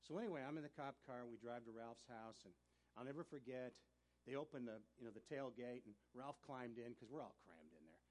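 A man preaching, telling a personal story in a sermon, animated and often laughing as he talks. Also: mid-range voice, a little fast.

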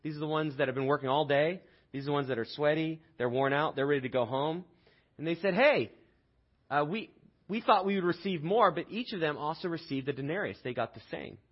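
A man gives a sermon in an easy, conversational way, asking his listeners to picture the scene. His voice is somewhat husky. The recording sounds dull and lo-fi. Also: a little high, quick pace. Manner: conversational storytelling, rhetorical questions. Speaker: pastor.

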